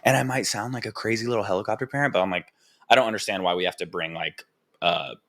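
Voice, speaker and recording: Deep-voiced young man rambling on a podcast. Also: quick pace, a bit bright. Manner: rambling, frank and profane, full of "like" fillers. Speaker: podcast host. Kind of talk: candid personal podcast monologue.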